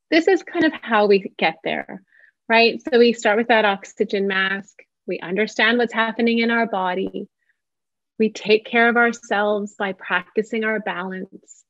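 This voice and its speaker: A woman therapist leads a parenting workshop over a video call, in a casual, lively manner, slipping into voices as she quotes parents. Her voice sits mid-range, and the audio is dry and a little dull. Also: medium pitch, no room sound. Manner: warm, chatty, acts out parents' quotes. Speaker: psychotherapist leading a parenting workshop. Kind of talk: online workshop talk.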